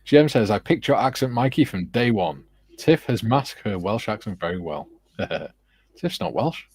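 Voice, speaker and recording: A man's voice: on the low side, big pitch swings, normal speed, a little mellow, breathy edge. A man from the UK hosting a casual livestream, reading out chat comments and laughing often. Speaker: livestream host.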